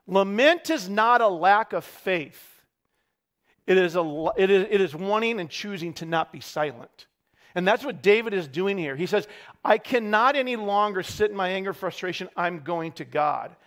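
A middle-aged man preaching a sermon as pastor, building to shouted peaks between wry parenting asides. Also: high-pitched, expressive, moderate pace.

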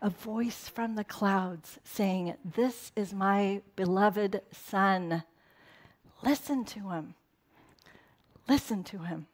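A middle-aged woman pastor preaches in a loose, talky way, trailing off into asides and chuckles. Her pitch sits in the middle for a woman. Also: drawn-out words. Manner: conversational, laughing asides, quotes in put-on voices. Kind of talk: casual sermon.

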